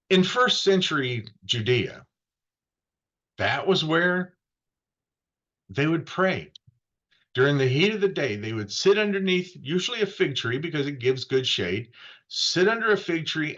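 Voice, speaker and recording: A man preaching in a relaxed, conversational way, his pitch swinging up and down as he tells the story and slips into the voices of the people in it. The recording sounds dull and muffled. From Florida. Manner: lively storytelling, acting out quoted voices. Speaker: pastor. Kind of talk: conversational sermon.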